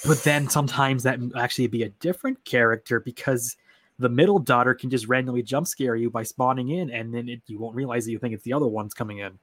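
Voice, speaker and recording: A man chatting casually about a video game, retelling moments with animated acted-out lines. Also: medium pitch, quick pace, no room sound. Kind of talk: casual game discussion chat.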